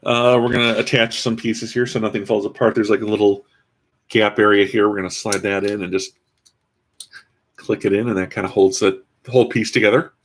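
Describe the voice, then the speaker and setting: A man's voice: fairly low pitch, level tone, brisk, slight background noise. A man casually commenting as he builds a toy kit, rambling with dry, self-mocking asides. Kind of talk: casual live-stream commentary.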